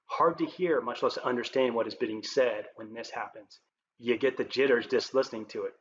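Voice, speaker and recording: A man presenting as a leadership coach, giving scripted tips to camera in a clear, upbeat presenter manner. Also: mid-range voice, brisk. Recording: roomy, slightly dull with faint noise.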